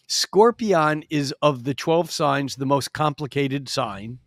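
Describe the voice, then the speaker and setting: A man's voice: fairly high pitch, slow, a bit bright, no echo, clean studio sound. A man appearing as an astrologer guest on a podcast, explaining at length in an expansive storytelling way, with frequent restarts. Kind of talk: casual podcast chat. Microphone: podcast microphone.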